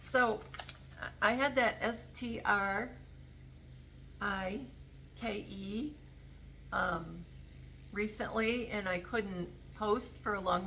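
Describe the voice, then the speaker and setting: A woman's voice: medium pitch, a bit bright, a little hiss or hum. A woman talking casually to camera about politics, rambling and correcting herself as she goes. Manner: rambling, self-interrupting, earnest. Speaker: political commentary vlogger.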